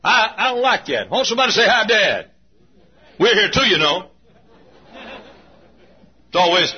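A man preaching a sermon in a church, folksy, swinging from low asides to shouts. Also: big pitch swings, normal speed, long pauses, breathy edge. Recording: muffled lo-fi recording.

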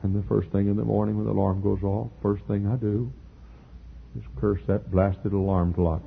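A man's voice: fairly low pitch, little pitch movement, moderate pace, creaky, a little hiss or hum. An older man preaching a sermon in an earnest, folksy storytelling way. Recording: tinny phone-like sound.

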